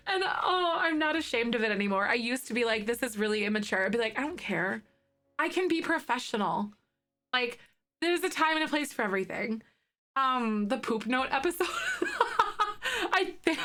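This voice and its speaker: A woman in her thirties chats casually with her live-stream audience, giggly and talkative, laughing often between thoughts. Her voice sits high and bright, and faint music runs underneath. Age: 30s.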